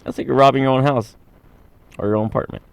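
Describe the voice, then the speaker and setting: Gravelly-voiced male co-host. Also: medium pitch, steady tone, dry recording. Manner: short agreeing reactions, quick blunt opinions. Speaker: morning show co-host. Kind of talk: casual radio-style chat.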